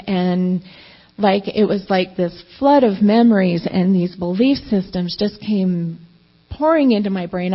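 A pastor's wife giving an emotional, candid personal testimony, acting out her own past outbursts. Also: medium pitch. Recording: reverberant hall, dull lo-fi sound.

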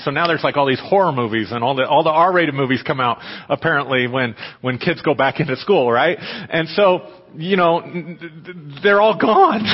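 A man in his thirties with a fairly high voice preaches to his congregation, chatting through a family story with plenty of restarts. The sound is dull and lo-fi, with a long reverb tail like a large church hall. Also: husky. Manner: storytelling, conversational with repeated restarts. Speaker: pastor. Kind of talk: sermon.

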